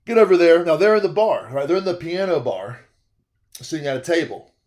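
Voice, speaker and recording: A young man, telling a comedic story about his work as a restaurant server. He talks in an animated way, cuts himself off, and repeats phrases for laughs. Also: fairly high pitch, a little fast. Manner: animated, self-interrupting, repeats phrases for comic effect.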